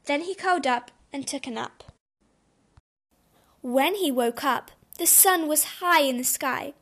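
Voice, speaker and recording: A woman reading a children's storybook aloud in a gentle, expressive way. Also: high voice, unhurried.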